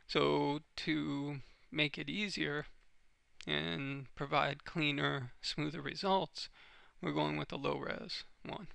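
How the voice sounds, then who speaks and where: A man giving a step-by-step software tutorial over a screen recording, explaining each click as he goes. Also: fairly high pitch, gravelly, no room sound.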